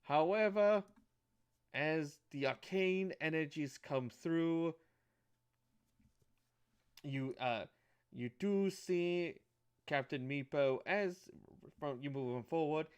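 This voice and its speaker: A man narrating a tabletop game as game master, halting and restarting phrases as he goes. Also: fairly high pitch, clear, resonant tone.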